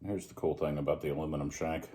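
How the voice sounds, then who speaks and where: A man's voice: rumbling low, fast. A man casually chatting as he reviews a pipe, rambling and joking at his own expense while he smokes. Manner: relaxed, rambling, joking at himself. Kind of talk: casual vlog chat.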